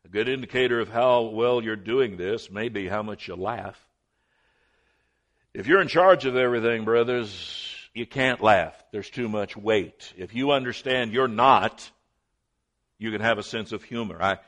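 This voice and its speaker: A male pastor delivers a sermon in a somewhat low voice. He tells stories with a folksy, dry sense of humor. He swings between raised, emphatic lines and quiet, hushed ones. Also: a little slow. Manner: shifts from loud to hushed while retelling.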